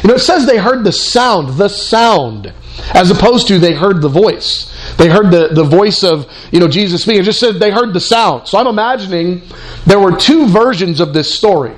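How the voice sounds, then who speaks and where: A man preaching a sermon in an animated, conversational way, with fillers and restarts. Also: high-pitched, normal speed.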